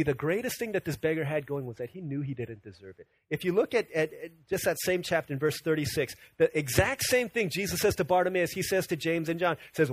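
A young male pastor with a fairly high voice tells a story from his family life in a sermon, playing each person's lines and repeating phrases to drive his point home. The sound is close and dry, with almost no room echo.

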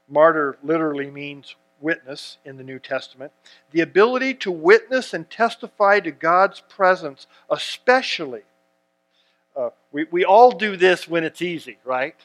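Earnest preacher man, slightly high voice. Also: a bit bright. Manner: earnest preaching with frequent restarts and emphatic readings. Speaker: pastor. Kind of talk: sermon.

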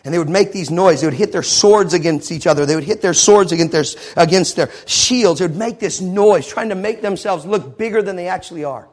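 A male pastor delivering a lively sermon, retelling the story with energy and playing out each scene. His voice sits high for a man and has a husky, breathy edge. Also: fairly quick, hardly any pauses. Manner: animated storytelling, acts out scenes.

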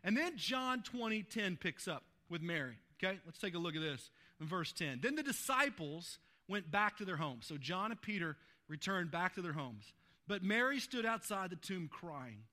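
A man's voice: high voice, sing-song, moderate pace, pushed and bright. A man pastor preaching a sermon, retelling a scripture passage in a conversational way and often adding "right?" to check in with listeners.

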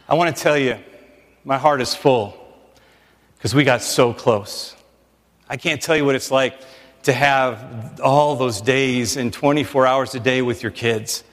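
A middle-aged man preaches in a lively, conversational style, tossing quick asides to his listeners. His voice sits at an ordinary middle pitch. The sound carries a long reverb from a large hall. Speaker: pastor. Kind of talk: sermon.

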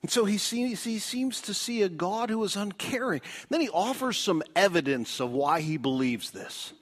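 A middle-aged male pastor preaching a sermon, swinging from loud cries to hushed whispers. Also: high voice, lively intonation, moderate pace.

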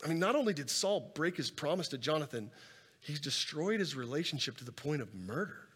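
A man preaching a sermon and telling a scripture story with animated delivery, swinging between loud and soft and repeating words as he goes. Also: fairly high pitch, a little fast, breathy edge. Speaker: pastor. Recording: reverberant hall sound.

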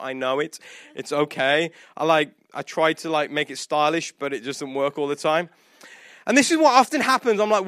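A man preaching a sermon, retelling a Bible story with animated acted-out quotes and lots of casual "like" fillers. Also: a little high, no room sound, studio quality. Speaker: pastor.

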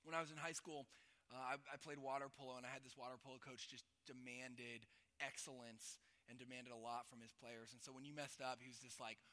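Young male pastor, sharp bright tone, chatty asides, big reverberant sanctuary. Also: medium pitch, level tone, fairly quick. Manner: builds from quiet to a loud climax; conversational with asides like "right?". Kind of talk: sermon. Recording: long hall reverb.

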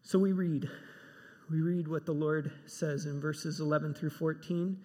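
A man's voice: a little high, fairly even intonation, a little slow, dark tone. A man preaching a sermon, emphatic and given to repeating himself. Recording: long hall reverb.

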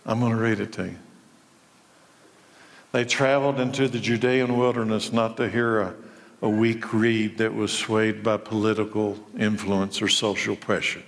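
A man's voice: fairly low pitch, little pitch movement, moderate pace, vocal fry, in a large hall. A man preaching a sermon to a live church audience, firing off rhetorical questions and building to raised, emphatic passages. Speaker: pastor.

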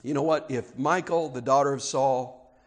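A man preaching a sermon, emphatic, dropping to a hush and then rising loud. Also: medium pitch, steady tone, moderate pace. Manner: emphatic, swings between hushed and loud.

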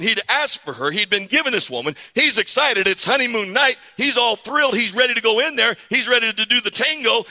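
A man preaching a sermon, animated and calling on the congregation to respond. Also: extremely high pitch, long reverb tail. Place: church sanctuary.

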